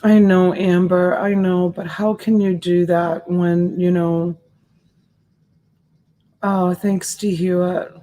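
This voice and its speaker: Her voice is lowish, slow and mellow, barely moving in pitch, as she hosts a live sales stream. Casual and sympathetic, she replies to viewers' comments and calls them by name.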